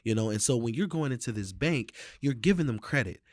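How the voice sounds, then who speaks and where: Guy hosting a chat, preachy rhythm, pitch bouncing all over, dry close sound. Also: a little fast, dry recording. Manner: animated, preacher-like cadence with frequent mm-hmms. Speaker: host. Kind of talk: casual conversation.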